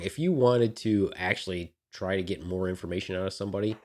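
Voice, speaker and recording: A man's voice: sits low, quick pace, darkish tone. A man co-hosting a podcast, giving blunt, opinionated rants in casual chat and swearing freely. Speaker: podcast co-host.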